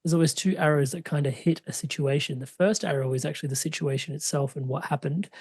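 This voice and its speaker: Mellow, husky male podcast host. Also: a little high, steady tone, quick pace, dry recording, clean studio sound. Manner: thoughtful, hesitant with fillers. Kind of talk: interview and audience call-out.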